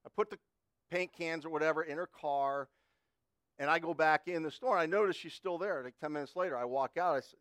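A man's voice: on the high side, a little fast, a bit bright, no echo. A middle-aged man preaching a sermon in a folksy, conversational way, telling a personal story and often restarting his words.

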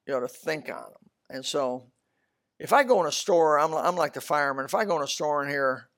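An older man preaching a sermon in a storytelling way, swinging between loud bursts and soft asides. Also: a little high, lively intonation, a little fast.

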